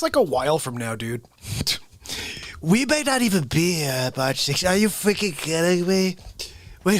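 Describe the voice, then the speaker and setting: A man's voice: high voice, dry recording. A man doing a blustering indignant president. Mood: scoffing. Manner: exclaiming, indignant.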